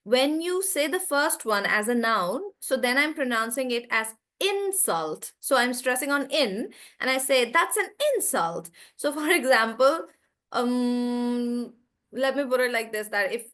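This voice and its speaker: A woman's voice: fairly high pitch, measured pace, a bit bright. A young woman with an Indian English accent teaching an online English class, chatty, giving example sentences and stories.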